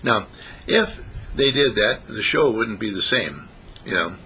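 A man's voice: on the low side, lively intonation, a little slow, bright, forceful tone, slight background noise. A man preaching a folksy sermon, repeating phrases and lifting his voice on the key words. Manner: folksy, repetitive, rising emphasis on key phrases.

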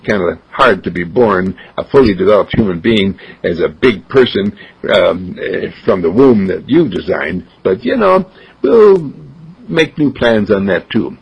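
A man voicing a newborn boy who speaks as a calm, wise being, in a gravelly, husky voice. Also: lowish voice, measured pace, heavily acted. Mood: reflective. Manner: calm, reflective, confiding. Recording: dull lo-fi recording.

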